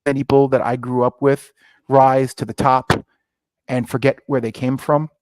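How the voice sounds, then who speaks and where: A middle-aged man, founder of a scotch brand, tells stories as a guest in a casual interview, animated and acting out quoted dialogue. He often leaps to a high, excited pitch when retelling, with many fillers and restarts. His pace is moderate, and the recording is low quality with no echo.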